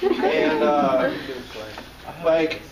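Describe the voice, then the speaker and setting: A man's voice: on the high side, extremely slow, lo-fi sound, a loud crowd. A man from the South, an author and teacher telling jokes and stories to a live audience. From American South. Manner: joking, animated storyteller. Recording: distant mic with audience around.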